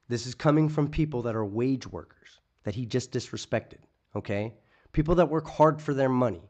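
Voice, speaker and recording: A man's voice: lowish voice, darkish tone. A man hosting a live stream, ranting in profane, scornful commentary. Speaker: streamer host.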